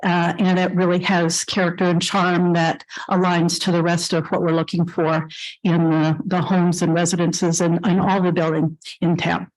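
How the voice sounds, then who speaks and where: Flat, low-voiced woman speaking at a council meeting. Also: low-quality recording. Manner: measured, with many fillers. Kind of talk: public meeting remarks.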